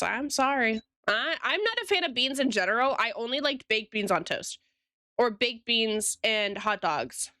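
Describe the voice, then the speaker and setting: A woman's voice: on the high side, lively intonation, normal speed, pushed and bright, no room sound, clean studio sound. A woman streamer chatting casually with her viewers while she draws, giggling often and talking straight to chat.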